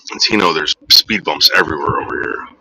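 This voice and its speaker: A man's voice: expressive, fairly quick, vocal fry, sharp tone, a little hiss or hum, rough recording. A man casually narrating a vlog while driving around and talking to his dogs. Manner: soothing his dogs in a higher coaxing voice. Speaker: vlogger.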